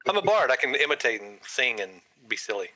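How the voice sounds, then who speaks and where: A man's voice: mid-range voice, sing-song, quick pace, bright, forceful tone, low-quality recording. A man playing a tabletop game, talking casually and hesitantly with repeated words. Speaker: player.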